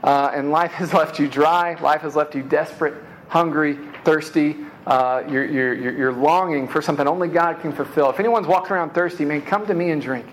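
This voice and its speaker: A man's voice: on the high side, a little fast, few pauses, a little hiss or hum, low-quality recording. A man preaching a sermon in a casual, conversational way, dropping "man" and "right?" asides and repeating words as he restarts.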